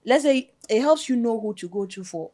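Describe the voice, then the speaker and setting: A woman with a Ghanaian English accent, a software developer on a panel, answering thoughtfully and checking in with "You get it?". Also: on the high side, expressive, brisk. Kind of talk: panel discussion.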